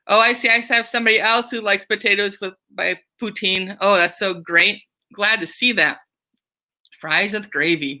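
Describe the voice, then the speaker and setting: A woman's voice: fairly low pitch, pushed and bright. A young woman who works as a camp counselor, giving a cheerful, playful online music lesson for children.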